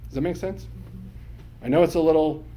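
A man leads a Bible lesson in a mellow, relaxed voice, walking students through Greek terms step by step. He keeps stopping to ask whether they follow. Light noise hums faintly behind him. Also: fairly high pitch, fairly quick. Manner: explanatory, checks understanding with questions. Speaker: Bible teacher.

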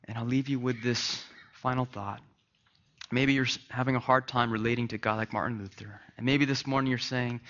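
A man preaching a sermon as pastor, dropping to a hush and then rising loud and animated. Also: medium pitch, brisk, lo-fi sound. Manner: swings from hushed to loud and animated.

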